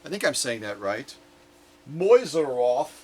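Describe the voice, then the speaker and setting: A man's voice: fairly high pitch, lively intonation, unhurried. A man who restores sewing machines, chatting casually and playfully to his viewers with jokey asides. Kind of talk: casual vlog chat to viewers.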